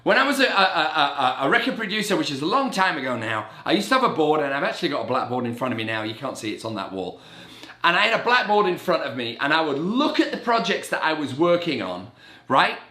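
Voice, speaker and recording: Man, middle-aged, energetic motivational talk, fairly high voice, swooping pitch. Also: fast talker. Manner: animated and energetic, self-described as very caffeinated; acts out his own inner voices in quoted asides. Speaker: real estate agent. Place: indoor room with a blackboard on the wall. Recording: roomy echo.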